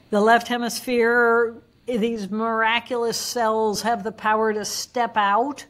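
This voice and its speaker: This guest neuroanatomist, a woman whose voice runs somewhat high, explains animatedly during an interview. To drive her points home, she quickly acts out examples in different voices.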